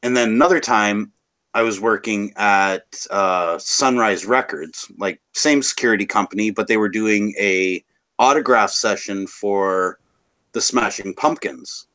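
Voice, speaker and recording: Brief: Canadian guy, low-ish voice, loose rambling chatter with lots of cursing. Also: measured pace, bright, forceful tone. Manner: rambling, swears freely. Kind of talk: casual chat.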